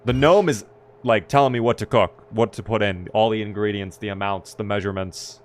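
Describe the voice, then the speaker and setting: A man's voice: on the low side, brisk. Playful man streaming a game. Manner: playful, chatty, jokes to chat. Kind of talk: casual gameplay commentary.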